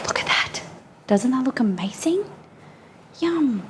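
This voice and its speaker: A woman's voice: high voice, animated, takes it slowly, noisy background. A woman streamer chatting casually with her viewers while she makes food in her kitchen. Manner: chatty, answers chat while rolling food. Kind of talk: casual cooking livestream chat.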